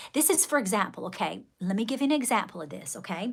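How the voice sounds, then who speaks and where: A woman's voice: medium pitch, lively intonation, fast, gravelly, few pauses, slightly rough. A middle-aged woman giving candid, emphatic advice on a live stream, calling viewers darling. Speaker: live-stream life coach answering viewers.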